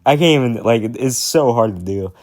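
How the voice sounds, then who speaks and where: A man's voice: mid-range voice, lively intonation, brisk, darkish tone, no room sound, clean studio sound. A man rambling casually about music, with lots of fillers, restarts and swearing. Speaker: music commentator.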